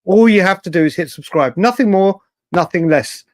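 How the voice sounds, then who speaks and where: A man's voice: high-pitched, normal speed, no echo. Chatty man hosting a livestream. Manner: chatty, reads out viewer comments, excitable. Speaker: livestream host. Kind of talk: late-night fan livestream chat.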